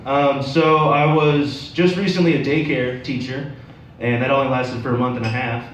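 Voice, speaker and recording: A man's voice: mid-range voice, fairly even intonation, normal speed, a little hiss or hum. A young man doing a stand-up set at an open mic, telling stories with lots of filler words. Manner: rambling storytelling with many fillers. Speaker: stand-up comedian. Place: bar open mic night. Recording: roomy bar sound from a distance.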